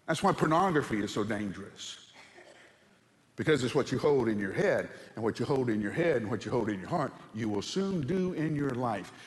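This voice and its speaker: A man's voice: mid-range voice, lively intonation, normal speed, big-room sound. A male pastor preaching a sermon, telling humorous stories and asking the congregation rhetorical questions.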